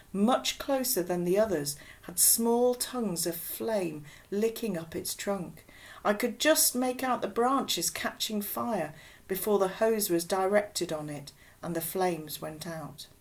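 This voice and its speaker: A woman reading a children's novel aloud with expressive, unhurried storybook narration. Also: medium pitch. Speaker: audiobook reader.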